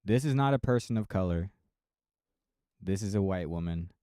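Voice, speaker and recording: A man's voice: low-pitched, expressive, normal speed, mellow, clear, resonant tone, dry recording, studio quality. A man streaming his reactions to a talk show, making sarcastic mocking asides. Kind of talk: live reaction commentary.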